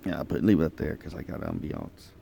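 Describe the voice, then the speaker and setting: A man's voice: a bass voice, big pitch swings, a little fast, vocal fry, dark tone, slight background noise. A man with an Oklahoma twang chatting casually on a morning live stream from inside an old camper van, rambling and easygoing, often restarting his words. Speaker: vlogger. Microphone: phone propped up in front of him.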